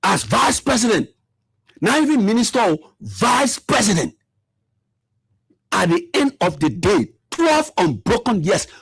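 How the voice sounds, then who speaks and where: Fiery high-voiced man. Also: big pitch swings, unhurried, creaky, fairly bright tone, breathy edge, no echo. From Liberia. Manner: fiery, repetitive, rhetorical questions. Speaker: political commentator. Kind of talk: impassioned political commentary.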